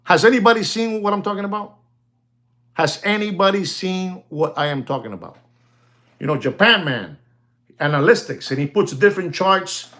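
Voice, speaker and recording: An animated man talks to his viewers in a loose, rambling way, circling back and repeating himself. His voice sits a little higher than most men's. He often calls out to the audience as "ladies and gentlemen.". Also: normal speed. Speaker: watch dealer hosting a sales stream. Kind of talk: rambling casual sales talk.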